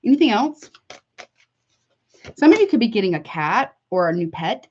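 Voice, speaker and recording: A woman's voice: medium pitch, very animated, moderate pace, a little mellow. A woman doing a casual tarot reading for her viewers, chatty and heartfelt, calling listeners honey. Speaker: tarot reader. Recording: slightly dull lo-fi audio.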